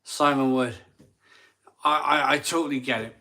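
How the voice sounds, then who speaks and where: A man's voice: medium pitch, steady tone, normal speed, creaky, bright, forceful tone. A man hosting a live stream, a bit drunk and tired, rambling and repeating himself as he reads out viewer messages. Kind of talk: casual live chat reading super chats.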